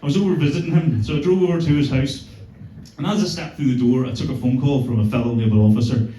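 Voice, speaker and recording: A man's voice: medium pitch, fast talker, warm tone, slight background noise. A man in his thirties with a Northern Irish accent doing a stand-up set, telling sweary, self-mocking stories. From Northern Ireland. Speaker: stand-up comedian. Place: comedy club stage. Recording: roomy club sound, mic heard from a distance.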